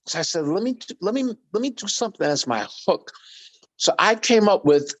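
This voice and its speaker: A middle-aged man, a guest on an interview podcast telling animated stories and acting out quoted voices. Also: sits high, moderate pace. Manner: lively anecdotes, acts out quoted voices. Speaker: guest musician.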